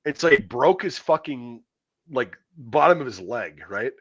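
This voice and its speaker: A man's voice: medium pitch, expressive, measured pace, husky, dry recording. Man, middle-aged, profane and blunt, casual storytelling, dry dull lo-fi sound. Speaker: podcast host. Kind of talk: casual chat.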